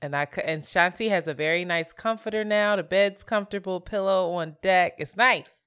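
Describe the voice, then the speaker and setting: A woman co-hosting a podcast, telling stories in a lively, animated way and laughing often. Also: on the low side, moderate pace, smooth. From Philadelphia area. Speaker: podcast co-host. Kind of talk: casual chat.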